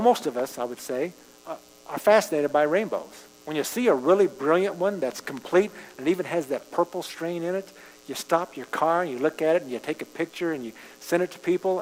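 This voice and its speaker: A man's voice: a little high, darkish tone. A man preaching a sermon, reading scripture and then talking it through in a conversational way, rising for emphasis. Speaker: pastor. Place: church sanctuary. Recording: live church stream with long reverb and mains hum.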